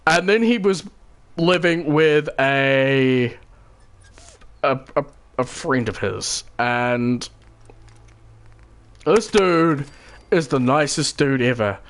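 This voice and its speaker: A man's voice: medium pitch, lively intonation, slow pace, pauses often, a bit bright. Rambling young New man. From New Zealand. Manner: rambling, restarts and swears, acts out quotes. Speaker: channel host. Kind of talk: casual storytelling while gaming.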